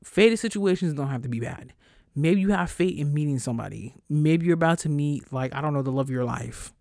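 Profane, animated male podcast host. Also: on the high side, fairly quick, vocal fry, dry recording, studio quality. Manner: blunt, profane, animated pep talk. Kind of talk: casual solo podcast talk.

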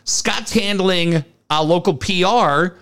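A man's voice: high-pitched, takes it slowly, a bit bright, clean tone. A man co-hosting a sports podcast, chatting casually in an upbeat, rambling way as he plugs upcoming shows. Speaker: podcast co-host.

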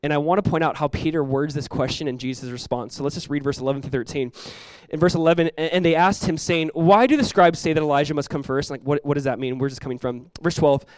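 Fast-talking casual young male preacher. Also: on the high side, no echo. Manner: conversational preaching, peppered with "like", voicing Jesus and the disciples. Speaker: pastor. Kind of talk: sermon.

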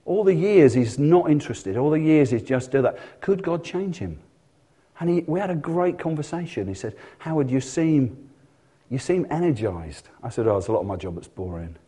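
Animated man preaching a sermon. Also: fairly high pitch, moderate pace, husky. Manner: animated storytelling, acting out voices in dialogue. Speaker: pastor. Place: church.

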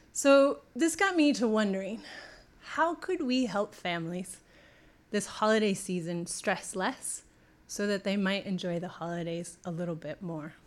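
A middle-aged woman giving a talk, telling a personal story and acting out the dialogue. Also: mid-range voice.

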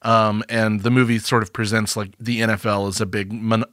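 A man co-hosting a film podcast, halting and wry, with a bright tone. The sound is dry and close. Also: fairly low pitch, little pitch movement, no echo. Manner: halting, wry, frequent fillers. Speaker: podcast co-host. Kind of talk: casual film discussion.

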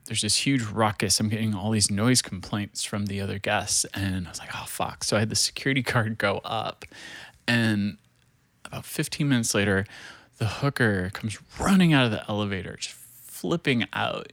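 A man's voice: on the low side, a bit bright, no echo. A man in his thirties telling a rambling story, full of fillers, swearing and laughter. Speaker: show creator. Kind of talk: casual storytelling.

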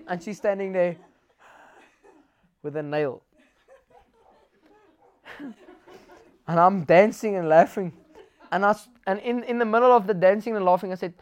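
A man with a South African accent preaching a sermon, telling lively personal stories and mixing Afrikaans words into his English. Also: fairly high pitch, normal speed, pauses often.

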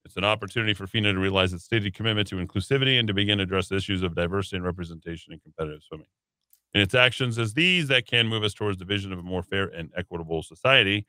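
A man's voice: low voice, very fast, sharp tone, no room sound. A man hosting a talk radio show, reading news items and adding sarcastic asides in a casual way. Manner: reads headlines then adds sarcastic asides.

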